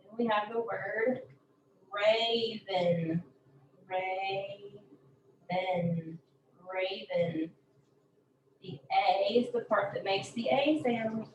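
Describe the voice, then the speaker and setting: Slow, deliberate woman phonics teacher. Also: medium pitch, muffled recording, slight background noise. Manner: slow, repeats each word several times. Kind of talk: recorded phonics lesson. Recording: echoey room from a distance.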